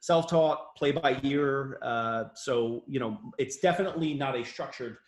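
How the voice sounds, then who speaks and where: A man's voice: mid-range voice, unhurried. A man from New York State, a guest business owner, talking in a playful, teasing way with stumbling restarts. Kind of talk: casual interview. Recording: echoey room.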